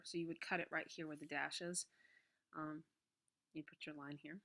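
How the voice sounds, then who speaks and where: A woman's voice: low voice, level tone, moderate pace, long pauses, fairly bright tone. A woman teacher patiently explaining a worksheet step by step, with frequent checks like "okay". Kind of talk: recorded classroom lesson walkthrough.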